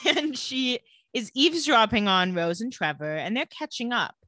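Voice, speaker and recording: Woman podcast co-host, animated recap delivery, dry close sound. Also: fairly high pitch, no room sound. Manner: animated, acts out character lines in quick voices. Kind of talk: casual recap chat.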